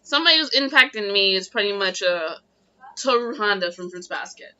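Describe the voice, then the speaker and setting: A young woman chatting on a casual podcast with friends, earnest and quick to get teary. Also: mid-range voice, expressive, bright, forceful tone, lo-fi sound. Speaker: podcast co-host. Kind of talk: casual chat among friends.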